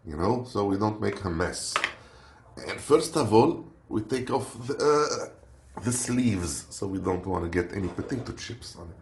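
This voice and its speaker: An echoey room with faint noise frames this unboxing vlogger's low-pitched, expressive voice at normal speed. He's from Lebanon, joking and rambling his way through a casual snack review and pausing to find words.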